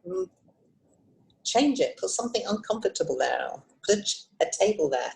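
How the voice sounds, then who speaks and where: Lively woman teaching calming techniques. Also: lowish voice, normal speed, creaky, rough recording. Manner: lively, expressive, encouraging, with frequent asides. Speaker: hypnotist and emotional intelligence trainer. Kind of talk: teaching self-help techniques in an online session.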